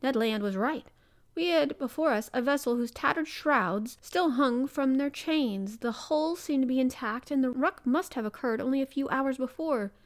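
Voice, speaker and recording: A woman reads a classic adventure novel aloud at a measured, careful pace. Her voice sits a little high, and she stumbles over a word now and then. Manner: measured, careful reading with small slips. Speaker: reader.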